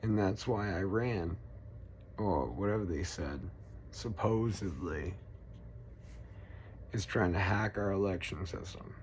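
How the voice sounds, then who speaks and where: Deep-voiced man, forties, angry rambling rant, heavy swearing. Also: slow pace, long pauses, a little hiss or hum. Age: 40s. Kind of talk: ranting monologue.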